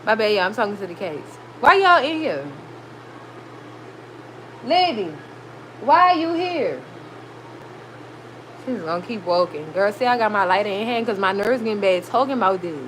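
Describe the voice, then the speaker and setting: A high, bright-voiced young woman rants through a TV recap from her room at home. She talks in an animated way and swears freely. A faint hiss sits under her voice. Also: moderate pace, low-quality recording. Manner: animated, swearing, heated reactions. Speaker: recap show host. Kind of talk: casual TV recap vlog. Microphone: recorded.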